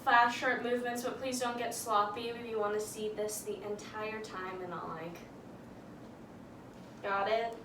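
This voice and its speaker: A woman's voice: medium pitch, steady tone, a little slow, far from the mic. A young woman teaching a dance tutorial, upbeat and encouraging as she talks through and counts out the steps. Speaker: dance instructor. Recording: roomy, from off-mic, audible background noise.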